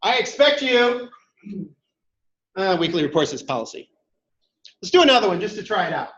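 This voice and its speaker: A man's voice: high-pitched, very animated, normal speed, pauses often, a bit bright. A man leading a classroom workshop, talking directly and conversationally while taking questions from the room. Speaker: workshop instructor. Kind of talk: interactive classroom talk. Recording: echoey room, dull lo-fi sound.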